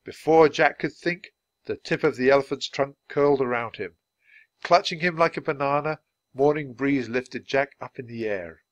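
A man reading a children's book aloud, at a steady, clearly paced speed for language learners. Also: medium pitch, moderate pace, no room sound. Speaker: storybook reader.

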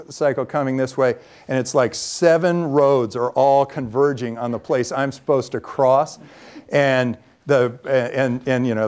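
A man who is a venture capitalist, telling lively anecdotes in a talk to students, with frequent ums and restarts. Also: mid-range voice. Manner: lively storyteller who acts out quoted dialogue.

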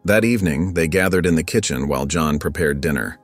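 Very deep-voiced male storyteller. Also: brisk. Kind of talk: scripted narration. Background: faint background music.

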